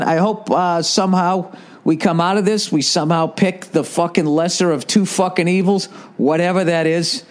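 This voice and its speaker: A man in his forties hosting a podcast, ranting in a casual comedic monologue with lots of profanity and quick impressions. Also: high-pitched. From United States. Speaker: podcast host.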